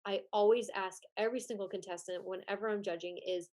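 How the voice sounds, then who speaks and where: A woman's voice: medium pitch, steady tone, fairly quick, darkish tone. A young adult woman in casual podcast chat as a guest. She talks about her time as a pageant contestant and judge, laughs often and says "like" a lot. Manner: chatty, laughs often, heavy use of "like".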